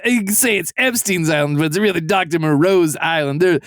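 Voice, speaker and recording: A man's voice: fairly high pitch, a little fast, no room sound, studio quality. A man co-hosting a podcast, teasing and swearing in casual chat. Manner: teasing, profane, laughing often. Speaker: podcast co-host.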